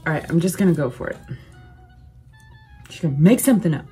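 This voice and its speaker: A woman's voice: low-pitched, expressive, brisk, dark tone, breathy edge, faint music behind. A woman beauty vlogger chatting casually and rambling while she does her makeup, with many fillers.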